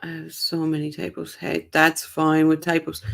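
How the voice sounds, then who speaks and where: A woman's voice: low-pitched, completely flat delivery, moderate pace, creaky. A woman from Canada hosting a livestream, chatting casually and reading viewer comments aloud. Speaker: livestream host. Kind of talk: casual chat reacting to a live court stream.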